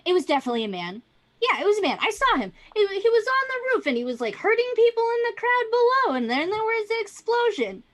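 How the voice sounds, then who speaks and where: A woman's voice: extremely high pitch, a bit bright, pitched above the performer's own voice, heavily acted. A woman voicing a flustered, rambling female townsperson who witnessed an attack, in a tabletop game. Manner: flustered, repetitive, dramatic.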